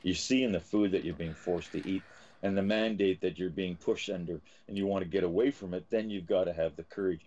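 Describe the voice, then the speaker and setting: A man's voice: deep voice, brisk, a little mellow, dull audio. A man hosting a live talk show from Canada, ranting and swearing as he gets angry. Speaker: host.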